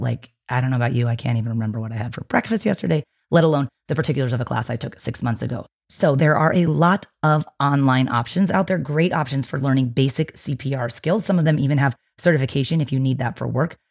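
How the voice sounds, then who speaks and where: A woman hosting a podcast, chatting in a reassuring, explanatory way about feeding babies. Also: darkish tone. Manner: chatty and reassuring, slips into a high sing-song baby voice for quotes. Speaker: podcast host, feeding specialist. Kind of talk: casual explanatory podcast talk.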